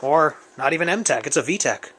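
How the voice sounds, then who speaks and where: A man's voice: fairly high pitch, expressive, normal speed, fairly bright tone, slight background noise. A man casually reviewing his survival gear on camera, rambling and joking in an off-the-cuff way. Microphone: camera mic, speaker off-frame.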